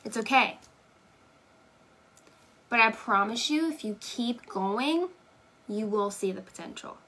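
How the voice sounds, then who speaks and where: Young woman hyping up her sales team on a live stream, bright high-ish voice, keeps saying okay?. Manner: emphatic, repeats "okay?" and "right?". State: tearing up. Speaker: direct sales team leader. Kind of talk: motivational live stream talk.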